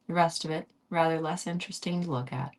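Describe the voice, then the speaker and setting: Female streamer, low voice, soft and unhurried; casual chat slipping into whispers, then steady book narration. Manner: soft-spoken, drifting into whispers. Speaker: streamer reading a book aloud.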